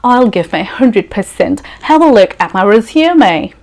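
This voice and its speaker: A woman's voice: sits high, expressive, very fast, dark tone, pitched above the performer's own voice. A woman voicing a nervous young male job candidate who puts on a fake accent and speaks eagerly.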